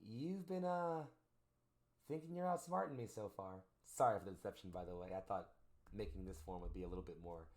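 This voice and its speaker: A man's voice: on the low side, brisk, darkish tone, natural voice. A man voicing a sly, shapeshifting trickster spirit who talks in a smug, teasing, casual way.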